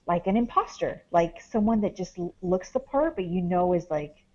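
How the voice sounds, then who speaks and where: A woman's voice: on the low side, lively intonation, moderate pace, lo-fi sound. A woman, a paranormal investigator, talks casually as a podcast guest, rambling with many fillers as she tells a story. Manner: rambling, heavy on "like" and "um".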